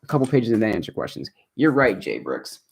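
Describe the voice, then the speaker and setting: Guy streaming from his apartment, kinda raspy, just rambling along and reading chat out loud. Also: fairly low pitch, sing-song, a little fast. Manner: rambling, reads viewer comments aloud. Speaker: livestreamer and video creator. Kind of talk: casual livestream chat while building. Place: home apartment.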